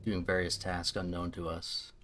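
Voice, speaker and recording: Guy streaming a game, lowish voice, jokey storyteller narration. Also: flat delivery, moderate pace, a bit bright, faint music behind.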